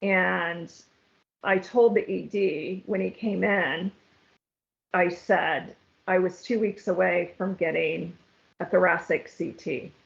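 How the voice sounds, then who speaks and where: A woman's voice: fairly low pitch, steady tone, gravelly. A woman guest telling her own story in an interview, earnest and at times tearful. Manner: emotional, halting, tearful at times. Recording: slightly dull, lo-fi sound.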